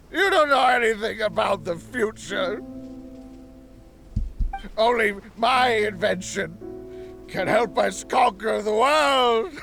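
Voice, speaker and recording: An actor playing a deranged male scientist who cackles and sobs in slow, broken phrases, with game music behind. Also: sits high, creaky, pushed and bright, exaggerated voice.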